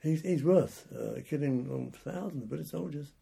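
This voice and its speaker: Gravelly, raspy old man telling war stories. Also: a little high, moderate pace, mellow. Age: older. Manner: rambling anecdotal telling with restarts. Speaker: war veteran interviewee. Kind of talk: oral history storytelling.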